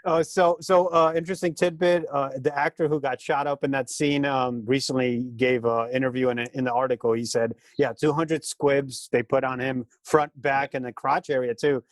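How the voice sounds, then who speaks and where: A man's voice: mid-range voice, fairly even intonation, normal speed, few pauses, no echo. A man co-hosting a podcast, chatting casually with crude jokes and lots of fillers. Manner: joking, crude humor, filler-heavy. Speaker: podcast co-host. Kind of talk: casual chat.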